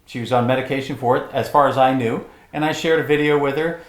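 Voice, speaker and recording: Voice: medium pitch, steady tone, quick pace. A co-host in a casual chat about diet, speaking in a reassuring, conversational but insistent way. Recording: roomy, echoey sound.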